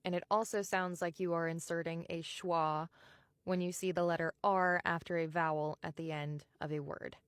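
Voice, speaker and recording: A woman with a General American accent, an audiobook narrator, explaining and slowly sounding out vowels in a casual tutorial. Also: fairly low pitch, fairly even intonation, clear, resonant tone, no room sound.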